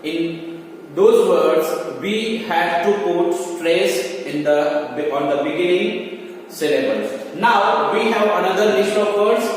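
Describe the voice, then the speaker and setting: A male teacher slowly explaining word stress to his students, repeating himself and restarting as he goes. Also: sits high, expressive. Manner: slow, repetitive explaining with restarts. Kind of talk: classroom lesson explanation. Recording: echoey room from far off, faint noise.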